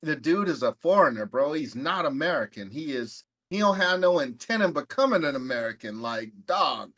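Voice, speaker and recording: A man hosting a casual podcast chat, loud, profane and joking with his friends. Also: fairly high pitch, animated, normal speed. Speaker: podcast host.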